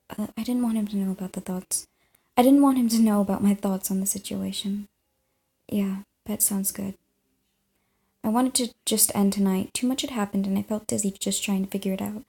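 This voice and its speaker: Brief: young woman gamer, giggly game reader, gravelly and husky with a dark, mellow tone. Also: mid-range voice. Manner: giggly, stumbling over words, chewing gum. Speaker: let's play gamer. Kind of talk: reading a visual novel aloud.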